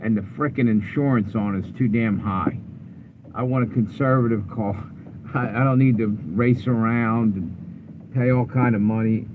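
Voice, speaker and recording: Tired low-voiced man streaming from his car. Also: a little slow. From Delaware, USA. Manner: laid-back, chatty, low-key and tired. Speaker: livestream host. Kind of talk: casual live stream chat with viewers. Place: parked car. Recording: phone-like audio with clear road and car noise.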